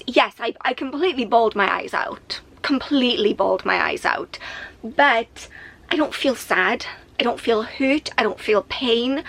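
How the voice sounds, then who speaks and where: A woman's voice: fairly high pitch, fairly bright tone, poor audio. A young adult woman talking candidly to camera in her attic, rambling and emotional, with frequent restarts. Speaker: vlogger. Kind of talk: casual talk to camera. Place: home attic.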